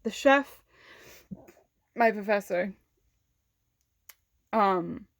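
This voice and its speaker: A woman's voice: mid-range voice, very slow, creaky, dry recording, studio quality. A young woman vlogger candidly recounting a personal story in casual speech, with many fillers and restarts. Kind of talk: storytime vlog.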